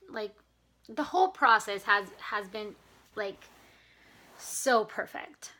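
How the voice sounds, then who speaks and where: A woman's voice: mid-range voice, pushed and bright. A woman vlogging in a casual, earnest chat to camera, grateful and a little emotional as she talks. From not from Canada. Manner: enthusiastic about mindset and gratitude.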